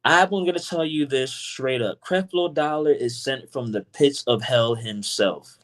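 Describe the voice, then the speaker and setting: A man with a fervent, preacher-like delivery, pressing his points hard and stumbling over restarts. He talks from inside a car. His voice sits at an ordinary middle pitch for a man. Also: a little slow. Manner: intense, preacherly, stammers on restarts. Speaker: podcast guest. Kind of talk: fervent preaching-style discussion.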